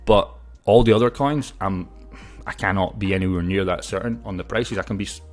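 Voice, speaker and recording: Brash man, low voice. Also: brisk. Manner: brash, swearing, lively storytelling. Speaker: crypto YouTuber. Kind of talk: casual talking-head video.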